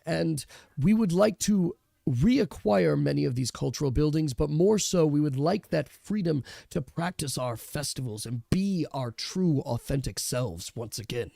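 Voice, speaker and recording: A man playing a solemn male resistance leader, speaking formally and measured. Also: a little high, animated, vocal fry, dark tone, no echo, clean studio sound, heavily acted.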